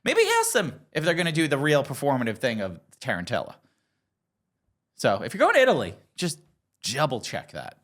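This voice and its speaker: A woman with a Long Island accent co-hosts a casual podcast. Her voice sits unusually low, yet her pitch moves widely as she tells stories. She swears freely and talks in loose, animated bursts. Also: brisk. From Long Island, New York. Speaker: podcast co-host. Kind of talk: casual chat.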